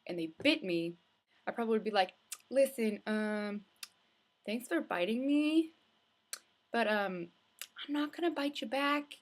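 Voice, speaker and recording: A young woman vlogging from home, telling a casual, rambling story full of likes and restarts. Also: medium pitch. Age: young adult. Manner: chatty, rambling, with many filler likes and restarts. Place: indoors at home, with hood up.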